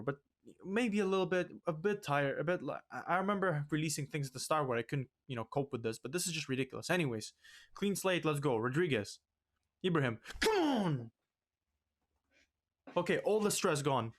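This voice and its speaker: A fairly high-voiced young man ranting over a football management game. His talk is exasperated, and it jumps up in pitch and volume whenever a mistake sets him off. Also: animated, quick pace, fairly bright tone. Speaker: let's play host.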